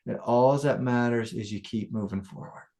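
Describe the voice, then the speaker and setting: A man, a spiritual teacher, giving a casual satsang talk to a student, telling stories in a loose, animated way. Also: medium pitch, normal speed.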